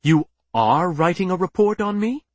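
Here is a proud, tense male alien officer, as a man reads him in an audiobook. He talks in a clipped, stiff, indignant way, pitched above his usual tone and loud. The sound is close and dry. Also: animated, normal speed, no echo.

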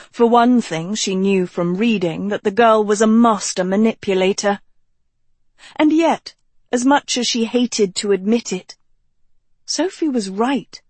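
A woman reading a novel aloud as its narrator, in a measured storytelling manner. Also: mid-range voice, a little mellow, dry recording. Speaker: audiobook narrator. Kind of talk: scripted narration.

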